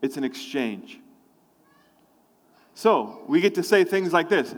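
A man's voice: fairly high pitch, big pitch swings, slow pace, pauses often, long reverb tail. A man preaching a sermon, telling a personal story and acting out his own thoughts and prayers. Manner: storytelling, acts out his own inner voices.

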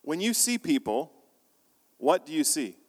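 A male pastor delivers a sermon in a loose, conversational storytelling style, often restarting his phrases. His voice sits a little high for a man. The sound carries the long reverb of a large hall. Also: very animated, a little slow.

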